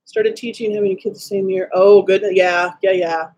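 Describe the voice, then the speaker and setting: A woman's voice: medium pitch, steady tone, normal speed, a little mellow. A woman from Wisconsin chatting casually on a livestream, greeting viewers by name and making snarky asides.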